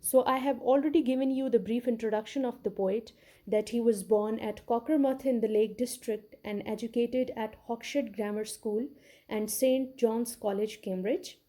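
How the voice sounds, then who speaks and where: A woman's voice: on the high side, fairly even intonation, moderate pace, warm tone. A woman giving a recorded English literature lecture, who explains patiently, repeats key words and often checks in with "okay".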